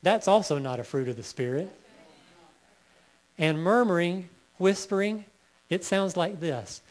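A male pastor preaching a sermon, reading scripture slowly and building to emphatic peaks. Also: high-pitched.

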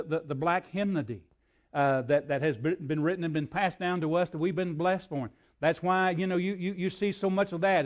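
A man preaching a sermon as pastor. He swings from soft, low passages to loud, high climaxes, and he calls for responses from the congregation.

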